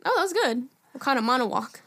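High-voiced, animated woman co-host, giggly, swears freely. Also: fast talker. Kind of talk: casual chat.

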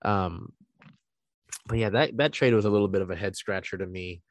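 Man, lowish voice, dry close sound, casual solo recap with lots of filler words. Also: moderate pace, no echo. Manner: conversational, frequent ums and uhs, thinking aloud.

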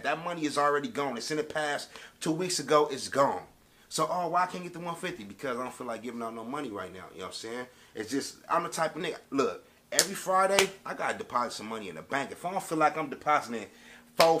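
A man's voice: mid-range voice, sharp tone. A man telling a story to camera as a casual rant, with streetwise slang and emphatic delivery. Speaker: vlogger.

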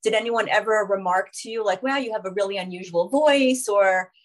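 A woman's voice: medium pitch, fairly quick. A woman hosting an interview asks curious, chatty questions that are full of fillers. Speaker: interview host. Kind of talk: casual interview chat.

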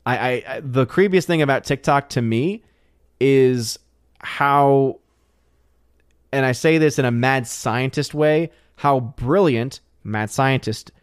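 A man hosts a livestream and chats through viewer comments in a loose, rambling way. He often stumbles and restarts his sentences. His voice sits in a middle pitch, recorded close and dry. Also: clean tone, no room sound. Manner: rambling, halting restarts, chatty. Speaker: livestream host. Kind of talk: casual chat, reading live comments.

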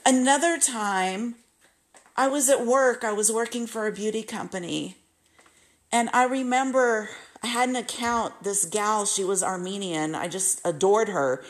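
A woman hosts her own podcast, telling personal stories at an unhurried, deliberate pace. She talks earnestly and slips into lively quoted voices of the people she recalls. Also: medium pitch. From United States. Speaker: podcast host. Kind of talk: personal storytelling monologue.

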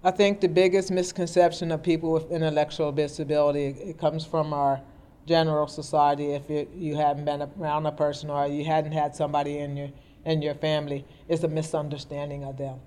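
A woman's voice: low voice, level tone, a little fast, dark tone. Middle-aged woman guest, plainspoken and earnest storyteller. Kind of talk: personal storytelling in conversation. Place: indoor interview. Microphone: podcast mic.

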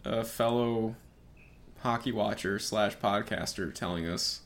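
A man's voice: on the low side, a little slow, a bit bright. A man co-hosting a podcast, talking casually and hesitantly with many fillers. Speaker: podcast co-host. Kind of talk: casual sports chat.

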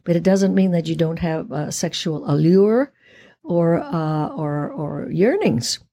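A woman's voice: fairly low pitch, lively intonation, slow, warm tone. A woman in her eighties, a guest actress chatting in an interview in a theatrical way, often laughing. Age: 80s. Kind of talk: casual interview chat.

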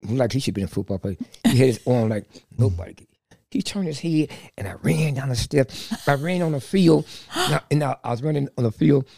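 A man guest, a street preacher, telling animated stories and acting out the people he quotes, often repeating words. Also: mid-range voice, a little fast, creaky, no echo, studio quality. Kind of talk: animated storytelling.

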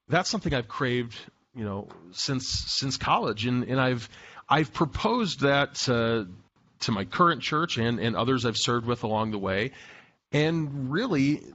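A man's voice: medium pitch, lively intonation, a little slow, fairly bright tone, muffled recording. A man in his thirties co-hosting a podcast over a remote call, rambling and repeating words as he thinks. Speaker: podcast co-host. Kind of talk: casual chat.

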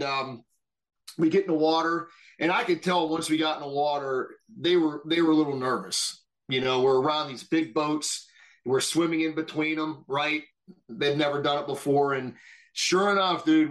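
A middle-aged man telling war stories on a podcast in a casual, profane and animated way, acting out what others said. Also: on the high side. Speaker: podcast guest. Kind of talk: casual storytelling.

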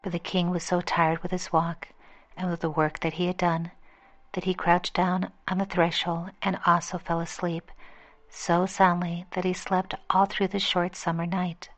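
A woman's voice: on the low side, little pitch movement, moderate pace, a bit bright. A woman steadily reading a fable aloud as its storyteller.

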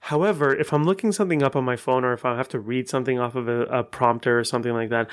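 A man's voice: medium pitch, fairly even intonation, rapid-fire. A man giving a casual, rambling personal update, correcting himself and swearing freely. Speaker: vlogger giving a monthly update.

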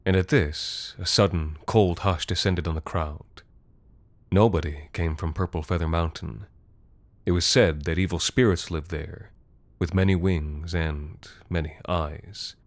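Casting: male storyteller, very low voice, dry close sound, deadpan narration. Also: a little slow, no echo. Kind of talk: scripted narration.

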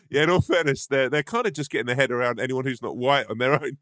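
A man's voice: mid-range voice, lively intonation, fairly quick, a bit bright, dry recording, clean studio sound. A man co-hosting a podcast, laughing often and swearing freely in casual comedic chat. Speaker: podcast co-host.

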